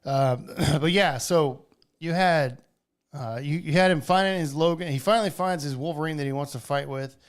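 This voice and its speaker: A man co-hosting a casual podcast, excitedly recapping a movie with swearing and quoted lines. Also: on the high side, moderate pace. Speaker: podcast co-host. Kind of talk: casual chat.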